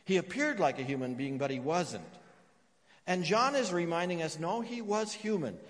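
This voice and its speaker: Pastor preaching in a reverberant hall. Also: male voice, a little high, expressive, normal speed. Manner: emphatic, with hushed repeated phrases. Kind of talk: sermon. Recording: long reverb of a church hall.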